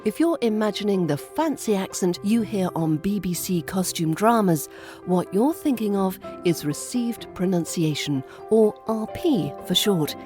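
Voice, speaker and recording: A woman with a British RP accent giving a podcast lesson on pronunciation, crisp and demonstrative with playful emphasis. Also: medium pitch, lively intonation, measured pace, dark tone, faint music behind. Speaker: accent coach.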